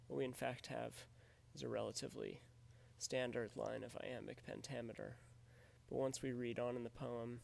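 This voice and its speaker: A man's voice: mid-range voice, expressive, moderate pace, vocal fry. A man teaching a recorded lesson on poetry, explaining it step by step in a methodical way. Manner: methodical, explanatory, often says "in fact". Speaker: literature teacher.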